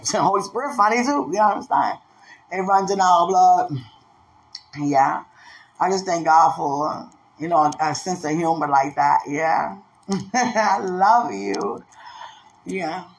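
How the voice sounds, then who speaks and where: A speaker in a casual faith-filled monologue who laughs often, teases and keeps asking whether the listener understands, and who acts out quoted voices in a raised pitch. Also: poor audio. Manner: laughs often, teasing, repeats "you understand?".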